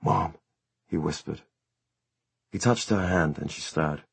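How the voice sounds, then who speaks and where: Deep, gravelly male audiobook narrator. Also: unhurried, dry recording. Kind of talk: scripted narration.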